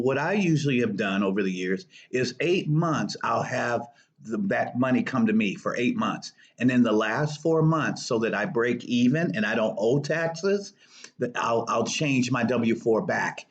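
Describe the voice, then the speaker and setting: A man hosting a personal finance show, giving casual direct advice to viewers, emphatic and repeating his key points. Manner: emphatic, repeats key points, lively swings between high stresses and low asides. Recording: dull lo-fi recording.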